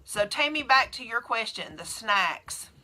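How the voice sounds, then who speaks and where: Bright-voiced Southern woman chatting. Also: a little high, expressive, measured pace. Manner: chatty, rambling, answers viewer comments. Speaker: keto nurse vlogger. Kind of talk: casual livestream Q&A.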